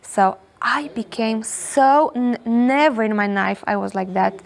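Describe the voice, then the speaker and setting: A young woman, telling a story as a podcast guest in a hostel, animated and repeating herself often. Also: on the high side, a little slow, vocal fry. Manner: animated, repeats words, frequent "you know". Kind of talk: casual storytelling in English.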